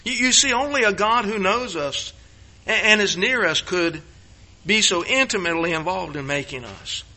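A high, bright-toned man preaching a sermon. He stumbles and restarts words often and swings between ringing emphatic lines and low, quiet ones. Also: low-quality recording. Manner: stammering restarts, emphatic rises and hushed drops. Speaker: pastor.

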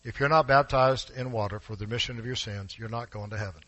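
A man preaching a sermon in a church, emphatic and rising to forceful peaks, speaking directly to his congregation. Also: medium pitch, quick pace, dry recording, poor audio. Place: church sanctuary.

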